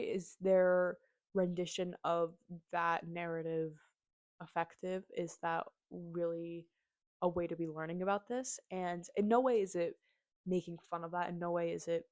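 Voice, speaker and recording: A woman hosts a casual book review, talking in a gushing, chatty way full of "like" and "um". Her voice sits on the low side for a woman. The sound is dry and close, with no room around it. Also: no echo. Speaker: book reviewer, channel host.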